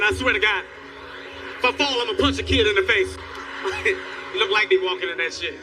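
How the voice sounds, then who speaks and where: A man in his forties performing a stand-up comedy routine, telling loud, animated stories with sudden shouted outbursts. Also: high voice, a little fast, long pauses, distant mic, over music. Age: 40s. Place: live comedy stage.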